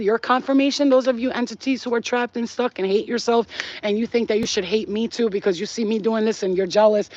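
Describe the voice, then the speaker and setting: A woman's voice: a little high, a little mellow. Earnest woman on a muffled phone. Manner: earnest, emphatic, repeats blessings. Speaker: spiritual healer vlogger. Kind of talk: casual spoken message to spirits.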